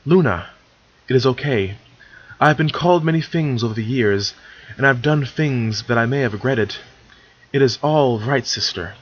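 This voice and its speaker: A man voicing an elder female pony ruler in a measured, formal and stern way, in a slightly low husky voice. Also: fairly bright tone. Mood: gentle. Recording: dull lo-fi recording.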